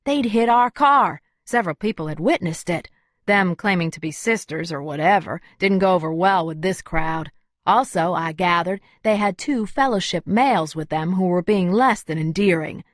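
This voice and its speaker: A woman's voice: on the low side, normal speed, no room sound, studio quality. Wry woman narrating an audiobook. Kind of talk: first-person audiobook narration.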